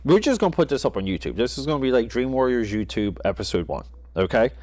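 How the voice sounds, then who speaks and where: A man's voice: medium pitch, very animated, quick pace, a little mellow, no room sound. A man co-hosting a casual podcast, rambling with many restarts and frequent laughs. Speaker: podcast co-host. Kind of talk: casual podcast chat about comics.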